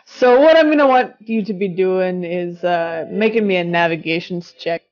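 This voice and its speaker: A woman running a tabletop pirate game as game master, casual and quick to laugh and swear. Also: lowish voice, darkish tone, lo-fi sound.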